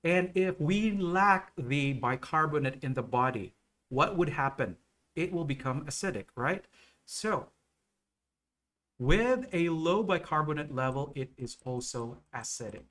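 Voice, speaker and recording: A man teaching nursing exam material on a live stream, explaining slowly and checking in with viewers often. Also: fairly high pitch, animated, fairly bright tone. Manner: slow, repetitive explaining with frequent okay and right checks.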